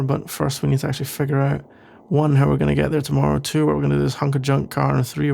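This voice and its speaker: A man playing a sarcastic young male office rival in an ASMR role-play, speaking in a dry, grumbling way with a gravelly voice. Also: mid-range voice, a little mellow, slight background noise.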